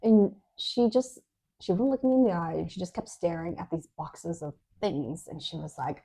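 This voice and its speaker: Woman podcast co-host, casual storytelling, husky, mellow tone. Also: fairly low pitch, moderate pace. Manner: recounts a dream in a chatty way, full of "like" and fillers.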